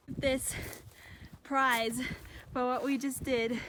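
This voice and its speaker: A woman's voice: medium pitch, normal speed, a little hiss or hum. A young woman vlogging casually to camera while hiking on a mountain trail, chatty and often out of breath. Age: young adult. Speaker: travel vlogger.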